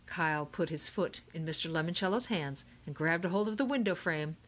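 Expressive woman reading aloud. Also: deep voice, brisk, hardly any pauses. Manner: lively, expressive storytelling. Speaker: audiobook narrator. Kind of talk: scripted narration.

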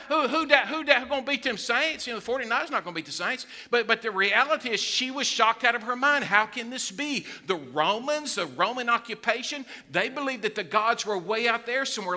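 A male pastor, preaching a sermon with animated storytelling and acted-out quotes. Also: sits high.

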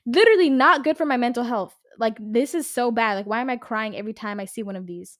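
A woman's voice: on the high side, fast, hardly any pauses. A woman in her twenties from the Los Angeles area, hosting a casual solo podcast, rambling and chatty, swearing freely and saying "like" and "literally" a lot. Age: 20s. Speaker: podcast host.

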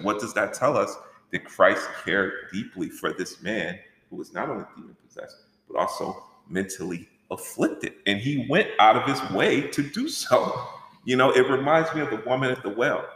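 A man teaching a church workshop in an animated, conversational way, asking rhetorical questions. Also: fairly low pitch. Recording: echoey hall with long reverb.

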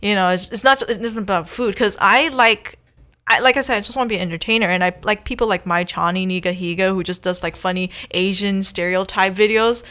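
A woman's voice: medium pitch, brisk, fairly bright tone. A young woman talking as a guest on a casual podcast, chatty and upbeat, with many "you know"s and "like"s. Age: young adult. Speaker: guest, competitive eater and food creator.

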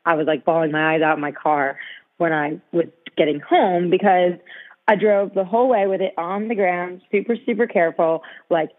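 She has a fairly low voice and talks at a normal speed. On a tinny phone call, this podcast co-host swaps stories in lively casual chat, leaning heavily on the word "like."

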